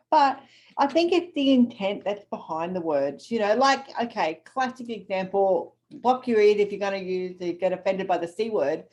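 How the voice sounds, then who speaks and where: A woman's voice: medium pitch, animated, normal speed, a little mellow. A middle-aged Australian woman co-hosting a podcast, chatting bluntly and swearing freely. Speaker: podcast co-host. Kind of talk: casual chat.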